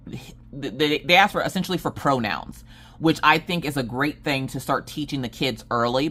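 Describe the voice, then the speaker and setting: A woman's voice: a bass voice, a bit bright. A woman craft vlogger in a casual chat, telling a rambling story with many fillers and restarts.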